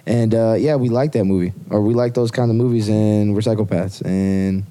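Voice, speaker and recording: A man's voice: lowish voice, steady tone, moderate pace, warm tone, clear, resonant tone. A man co-hosting a podcast in casual, rambling chat, swearing freely. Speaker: podcast co-host.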